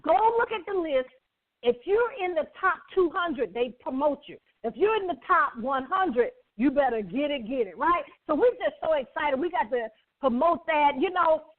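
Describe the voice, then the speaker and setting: Woman, Southern US accent, inspirational radio host, exuberant, call-and-response, phone-line sound. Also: high voice.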